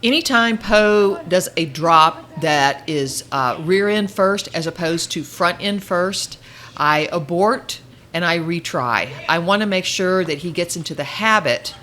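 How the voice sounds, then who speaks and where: A woman dog trainer coaching a puppy in high sing-song praise, with calm explanations in between. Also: unhurried, a little hiss or hum. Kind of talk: puppy training session with commentary.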